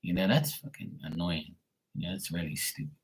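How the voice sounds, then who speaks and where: A man's voice: low voice, expressive, brisk, rough recording. A man doing a casual tarot reading who rambles through stories, talks bluntly and swears freely. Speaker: tarot reader. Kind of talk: casual livestream reading and storytelling.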